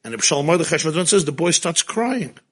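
A man teaching a Torah class, telling stories in a lively way and mixing in Hebrew and Yiddish terms. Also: fairly high pitch, fast, breathy edge.

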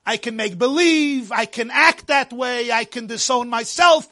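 A man teaching a Torah class, animated and joking, mixing Yiddish and Hebrew words into his English while telling stories. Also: very high-pitched, normal speed, few pauses. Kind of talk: lecture with storytelling.

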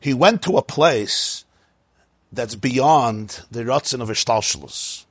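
A man's voice: mid-range voice, animated, slow, breathy edge, no room sound. A man teaching a Talmud and Chassidus class, telling the story with laughing asides and mixing Hebrew and Yiddish terms into his English. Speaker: Torah teacher.

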